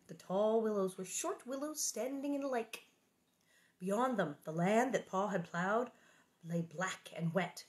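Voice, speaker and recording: Woman reading a kids' book out loud, lots of joking side comments, lively. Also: mid-range voice. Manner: animated, jokey asides between passages. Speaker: book reader and host. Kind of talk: reading aloud with chatty asides.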